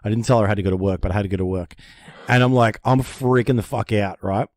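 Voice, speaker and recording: A man telling a story in casual podcast chat. He swears freely and tells it in an animated way. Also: fairly low pitch, fast talker, no echo, clean studio sound. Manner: animated, profane storyteller who acts out panicked voices. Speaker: podcast co-host.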